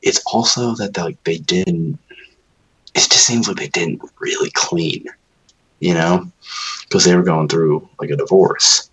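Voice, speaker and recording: Deep-voiced man, profane and rambling. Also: measured pace, a bit bright, low-quality recording. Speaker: new homeowner. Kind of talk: casual chat.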